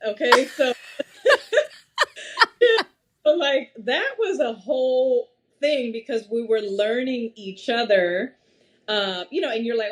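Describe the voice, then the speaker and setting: A woman in her thirties, a podcast guest in casual conversation, telling stories in an animated way and laughing often. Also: on the high side, measured pace, long pauses. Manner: animated storytelling with frequent laughs.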